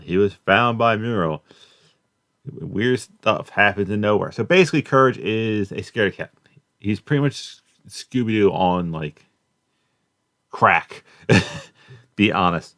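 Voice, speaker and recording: A young man giving a casual, rambling spoken review of a cartoon, halting often and filling gaps with "like" and "uh.". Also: sits low, a bit bright, no room sound, clean studio sound. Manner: rambling, halting, many fillers and restarts.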